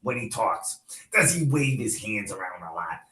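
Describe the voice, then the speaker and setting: A man's voice: on the low side, very animated, normal speed, bright, forceful tone, pitched above the performer's own voice. A man voicing a suspicious male investigator who presses with questions, read aloud to a class. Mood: probing. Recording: echoey room.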